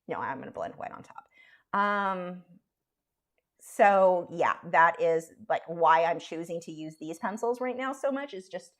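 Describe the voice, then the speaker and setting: A woman artist chatting casually on a live stream while she draws, rambling and self-deprecating. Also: mid-range voice.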